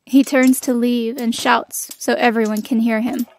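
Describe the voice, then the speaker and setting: A woman's voice: fairly high pitch, level tone, measured pace, creaky, darkish tone. A young woman narrating in the first person as a bitter, magicless female elf soldier in an audio drama, her inner monologue defiant.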